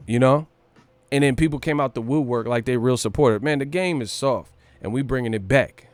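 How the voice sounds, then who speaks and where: A man's voice: mid-range voice, brisk, smooth, no room sound. A man from California hosting a boxing livestream, brash and profane, riffing hard and breaking into laughter and sung lines. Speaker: boxing stream host. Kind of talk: casual livestream rant.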